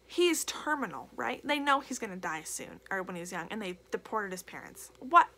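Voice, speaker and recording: A woman's voice: medium pitch, sing-song, moderate pace, sharp tone. A young woman reviewing a book in a casual vlog, gushing and emotional, repeating herself with lots of fillers.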